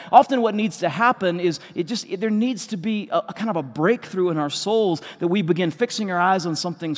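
A man preaching a sermon as a pastor, earnest and conversational, often repeating words for emphasis. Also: sits high. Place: large church sanctuary. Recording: long reverb of a large hall.

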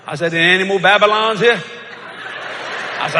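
A man, preaching and telling a story with lively shouts and laughter. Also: sits high, brisk, pauses often, background noise. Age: older. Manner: animated, shouting punchlines, laughing. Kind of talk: sermon storytelling. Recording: echoey hall with crowd.

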